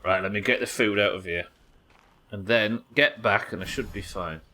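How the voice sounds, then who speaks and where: A man's voice: fairly low pitch, normal speed, pushed and bright. A man hosting a live gaming stream, chatting to viewers and swearing as he plays. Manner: sweary, chatty, talks to chat while playing. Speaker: livestream host.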